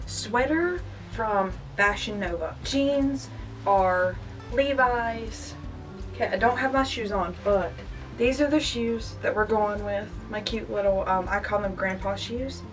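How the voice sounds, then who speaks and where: A woman's voice: medium pitch, a little slow. A young woman in her twenties talking casually to camera in a personal vlog, confiding and emotional. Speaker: vlogger. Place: store aisle, indoors. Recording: faint background music.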